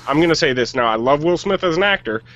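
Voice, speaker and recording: A man's voice: on the high side, expressive, fast talker, fairly bright tone, rough recording. A man co-hosting a podcast, chatting casually and giving blunt, jokey opinions on movies. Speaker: podcast co-host. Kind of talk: casual chat.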